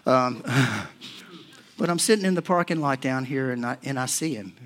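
A pastor, a man in his forties or older, preaching a sermon and telling personal stories, swinging between hushed and loud moments. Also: mid-range voice, expressive, unhurried. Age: 40s or older.

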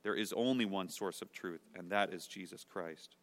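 A man preaching a sermon as pastor, emphatic, moving between loud declarations and hushed, quiet passages. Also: low voice, moderate pace, big-room sound.

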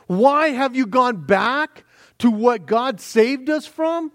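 A man's voice: very high voice, takes it slowly, a bit bright, no echo, clean studio sound, pitched above the performer's own voice, full character voice. A man acting out a young priest who scolds his people in anguished, indignant questions. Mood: anguished rebuke.

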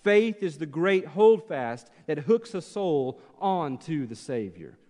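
Impassioned preacher in a reverberant church. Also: male voice, fairly high pitch, very animated, slow, warm tone. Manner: impassioned, rhetorical questions, emphatic repetition. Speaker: pastor. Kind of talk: expository sermon. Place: church sanctuary. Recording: church hall with long reverb.

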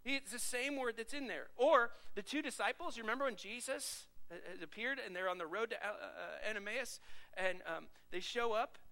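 A man delivers a sermon in a high voice, speaking to his congregation in a loose, conversational way. His tone is bright and forceful as he asks rhetorical questions. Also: normal speed, creaky, poor audio. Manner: lively conversational preaching with audience questions. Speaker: pastor.

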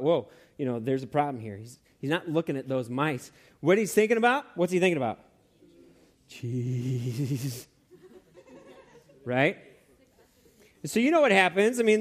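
A male preacher with a higher-than-average voice delivers a sermon. He tells stories in an animated way and often restarts his phrases, filling them with casual fillers.

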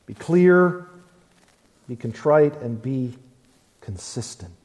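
A man preaching a sermon as pastor, slow and emphatic, repeating key phrases. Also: mid-range voice, expressive, darkish tone, in a large hall.

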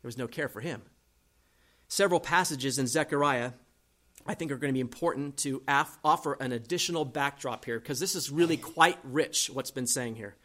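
A man preaching an expository sermon. He reads scripture aloud slowly and swings between loud emphasis and soft asides. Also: medium pitch. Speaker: pastor.

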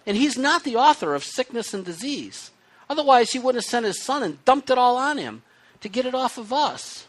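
A man preaching a sermon with hiccups, reading scripture aloud and explaining it in an animated, conversational way. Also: very high-pitched, normal speed. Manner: animated, conversational teaching with asides. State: has the hiccups.

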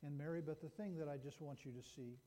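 A fast-talking pastor with a slightly high, mellow voice retells a Bible story during his sermon. He keeps it conversational but frequently restarts, and the recording has long hall reverb.

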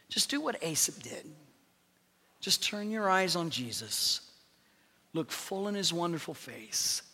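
A male pastor preaching a sermon, swinging from loud proclamations to hushed, near-whispered lines. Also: high-pitched, expressive, a little slow, long reverb tail.

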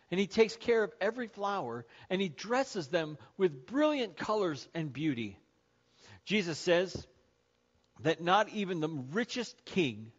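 A man's voice: a little high, breathy edge, lo-fi sound. A man preaching a sermon as pastor to his congregation, conversational and joking with them. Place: church sanctuary.

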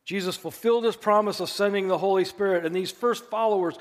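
An earnest male pastor delivers a sermon, leaning hard on his key phrases. His voice sits a little high for a man. A long reverb trails each line, as in a large church hall. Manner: earnest, emphatic preaching with slow stressed phrases.

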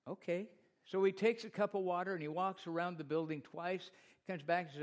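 A man's voice: high voice, fairly even intonation, fairly quick. A middle-aged male pastor preaching a sermon, talking straight to the congregation with rhetorical questions and retold stories.

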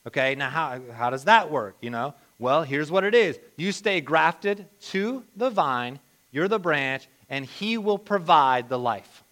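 A man preaching a sermon, telling a lively story and then reading and explaining scripture aloud. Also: a little high, a little slow. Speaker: pastor.

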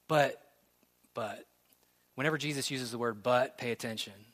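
A young adult man preaching a sermon, reading scripture and then talking through it in a conversational, earnest way that builds to excitement. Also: mid-range voice, normal speed. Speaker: pastor.

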